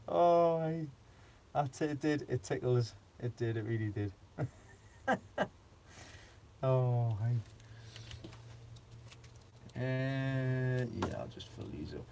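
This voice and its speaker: A man's voice: mid-range voice, lively intonation, slow, long pauses, mellow, slight background noise. Rambling, giggly man. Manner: rambling, giggly, many fillers. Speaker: gardening live-streamer. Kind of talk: casual live stream chat.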